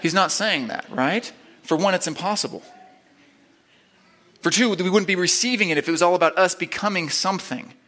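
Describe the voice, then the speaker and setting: A man preaching a sermon, emphatic, building to loud repeated stresses and then dropping low and quiet. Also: moderate pace, slight background noise.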